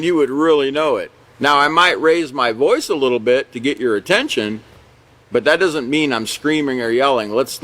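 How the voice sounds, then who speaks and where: A man's voice: medium pitch, a bit bright. A man teaching a character education class in a conversational lecture style, often checking in with "you know" and "okay" and chuckling along the way.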